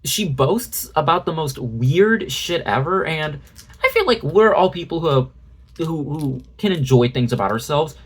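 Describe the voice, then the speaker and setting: A man's voice: a little high, expressive, measured pace, slightly rough. A man doing a ranting commentary video, sarcastic and exasperated, with frequent swearing. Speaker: commentary YouTuber.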